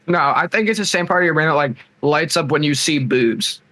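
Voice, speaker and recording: A man's voice: fairly high pitch, lively intonation, brisk, a crowd in the background. A young man co-hosting a podcast, joking crudely in casual chat and laughing a lot. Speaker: podcast co-host.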